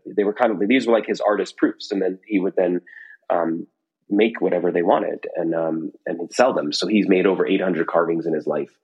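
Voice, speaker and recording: A man's voice: deep voice, breathy edge, low-quality recording. A middle-aged man chatting casually from a room at home as a podcast guest, rambling with many fillers and restarts. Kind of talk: casual conversation.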